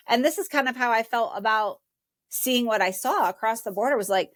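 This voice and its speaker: A woman's voice: on the high side, a little fast, no echo, clean studio sound. A woman guest on a podcast telling a personal story in an earnest, emotional way and voicing her own past thoughts. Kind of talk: conversational interview storytelling.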